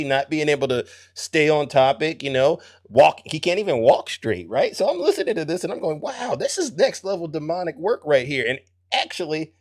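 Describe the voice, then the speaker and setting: Excitable man streaming political commentary. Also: on the high side. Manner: excitable, laughs often, addresses the audience directly. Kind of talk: animated live-stream commentary.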